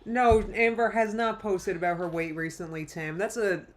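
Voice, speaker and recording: This woman's medium-pitched voice keeps a fairly even intonation and a moderate pace. She's hosting a casual live react stream, talking loosely and rambling, reading viewers' comments aloud and laughing frequently.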